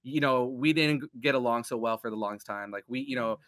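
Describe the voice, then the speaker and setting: A young man, a guest tattoo artist, telling his story in a rambling casual way, full of "like" and "you know" and quick laughs. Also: medium pitch, a bit bright, no room sound, clean studio sound.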